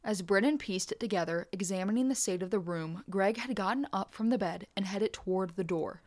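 Woman co-host, mid-range voice, steady measured reader of a nonfiction account. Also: medium pitch. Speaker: podcast co-host. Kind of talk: reading a nonfiction account aloud.

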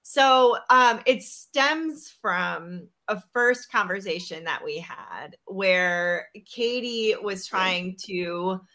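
Female podcast host, unhurried delivery, bright voice, lively storyteller who voices the people in her story. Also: on the low side. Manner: animated, acts out quoted dialogue. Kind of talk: storytelling in casual chat.

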